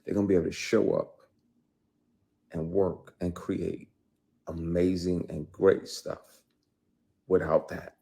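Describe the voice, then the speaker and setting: A man's voice: low-pitched, little pitch movement, slow, gravelly, long pauses, dark tone, slightly rough. A man, an actor, talking unscripted to his viewers in a heated, blunt and profane way, hammering points with repeats. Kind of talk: unscripted live-stream talk to viewers.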